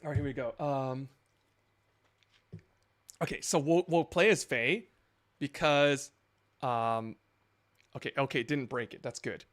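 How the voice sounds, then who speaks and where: A man's voice: mid-range voice, unhurried, long pauses, a bit bright. A man hosting a scambaiting live stream, explaining his plans in a rambling, think-aloud way.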